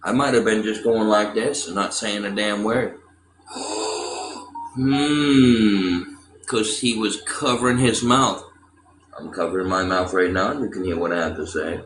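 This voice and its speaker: A man from Texas chatting casually on a livestream, gruff and profane, teasing his viewers and talking to his cat. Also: fairly low pitch, unhurried. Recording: echoey room with loud ambient noise.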